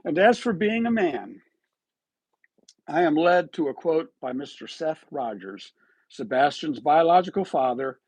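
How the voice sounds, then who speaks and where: A man's voice: on the high side, animated, a little slow, darkish tone, breathy edge, no room sound. A man hosting a live online commentary show, talking on his own in a rhetorical, accusatory way and often tagging his points with "right?".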